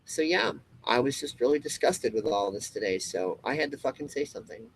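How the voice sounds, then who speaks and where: A man with a mid-range, expressive voice talks fairly quickly with vocal fry, recorded on poor audio with a little hiss or hum. He's a comedy web show host delivering an impassioned, profane solo rant straight to camera, full of emphatic repetition and frequent restarts.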